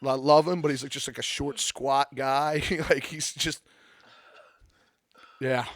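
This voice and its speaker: A man's voice: medium pitch, fairly even intonation, slow, fairly bright tone. A man talking as a podcast guest in casual chat, telling stories in a rambling way, full of "like" and restarts. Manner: rambling storyteller, lots of "like", blunt. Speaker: strongman coach and guest.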